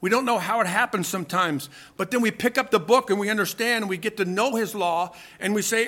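Bright high-voiced male preacher. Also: a little fast, hardly any pauses. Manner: emphatic preaching with rhetorical questions. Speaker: pastor. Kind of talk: sermon.

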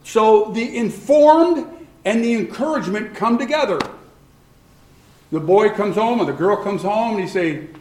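Man, preacher, sermon, rhetorical questions, high voice, echoey hall. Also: expressive, measured pace, a little mellow, a little hiss or hum. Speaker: pastor.

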